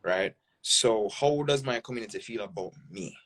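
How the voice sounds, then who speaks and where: A Jamaican man from Jamaica, a content creator appearing as a podcast guest, talks casually and animatedly in an interview setting. He leans hard on emphasis and keeps checking in with "right?" His voice is on the low side, at normal speed, and a bit bright.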